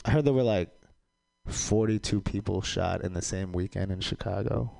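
Deadpan male stand-up comic. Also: deep voice, moderate pace, gravelly, no room sound. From Caribbean islands heritage. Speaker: stand-up comedian. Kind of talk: stand-up comedy set.

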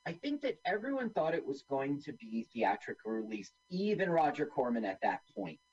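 A man chatting casually on a radio show while watching a movie, joking and tossing in quick silly voices. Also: medium pitch, husky, dull audio. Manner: animated, jokey, does quick silly voices. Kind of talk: casual movie commentary chat.

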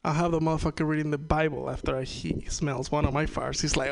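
A man's voice: on the high side, level tone, a little fast, gravelly, slight background noise. A young man from Venezuela with a Venezuelan Spanish accent, doing a rambling, profane stand-up set on stage and laughing at his own jokes. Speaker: stand-up comedian. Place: comedy show stage.

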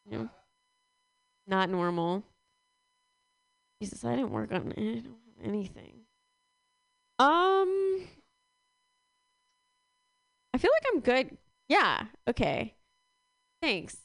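Young woman, stand-up comic, deadpan rambling, higher voice. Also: slow, creaky, pauses often, dry recording. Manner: deadpan, rambling with many fillers. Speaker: stand-up comedian. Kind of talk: stand-up comedy set.

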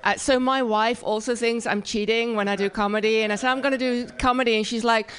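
A woman's voice: fairly high pitch, flat delivery, brisk, a bit bright, a little hiss or hum. A woman in her fifties from the Netherlands with a Dutch accent, performing a dry, self-deprecating stand-up set at a live comedy venue.

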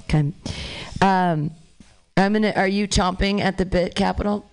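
A woman's voice: mid-range voice, level tone, fairly quick, darkish tone, clear, resonant tone. A woman hosting a comedy open mic, loosely joking and teasing the comics as she brings the next one up.

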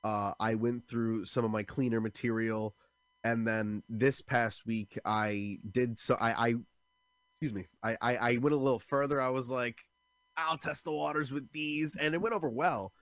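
A young man, a comedian speaking as a guest. His voice sits in a middle pitch. The sound is dry and close, with hardly any room. He tells animated stories with lots of restarts. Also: dry recording. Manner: quick, animated storytelling with many restarts. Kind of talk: casual interview chat.

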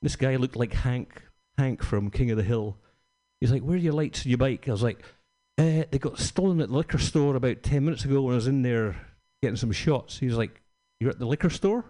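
A man's voice: mid-range voice, brisk, mellow. A man doing a stand-up set, telling a rambling, profane anecdote and acting out the quotes. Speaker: stand-up comedian.

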